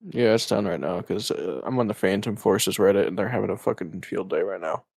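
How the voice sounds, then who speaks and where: A man's voice: deep voice, a little fast, vocal fry, darkish tone, husky, dry recording. A man co-hosting and editing a casual podcast, rambling and cursing freely over a home mic on a voice call. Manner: profane, rambling, trails off and restarts. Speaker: podcast co-host and editor.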